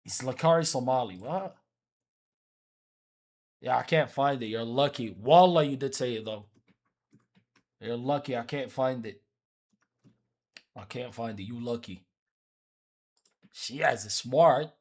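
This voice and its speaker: A man's voice: medium pitch, unhurried, long pauses. A man from Africa chatting casually on a livestream, teasing people and repeating himself as he talks back to his chat.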